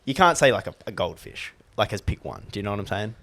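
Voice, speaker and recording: A man's voice: lowish voice, animated, fast, a bit bright. A young man, co-hosting a podcast in laid-back, slangy casual chat. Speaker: podcast co-host.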